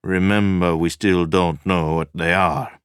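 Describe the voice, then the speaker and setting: Guy doing a tired cynical official, deep flat slow voice, dry mic. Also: clean tone, no room sound. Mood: weary. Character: weary, cynical man official.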